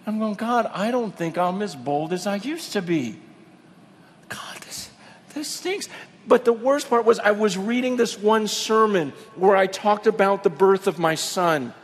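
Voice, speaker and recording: A middle-aged man preaching a sermon, telling a personal story with emotion, dropping to a hush and then building to fervent emphasis. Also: high-pitched, moderate pace, few pauses, slight background noise. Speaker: pastor.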